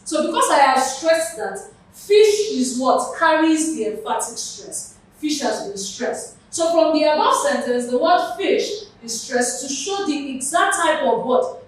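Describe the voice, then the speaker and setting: A woman with a Nigerian accent teaching English for an exam, explaining patiently with examples. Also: high voice. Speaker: English tutor. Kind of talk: exam prep lesson. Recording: very echoey room, mic far off.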